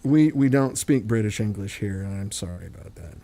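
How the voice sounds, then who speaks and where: A man's voice: fairly low pitch, lively intonation, brisk, creaky, mellow. An American man from Missouri with a Midwestern accent, hosting a casual chat and telling long anecdotes. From Missouri, USA. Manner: chatty storyteller, acts out voices in anecdotes. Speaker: host.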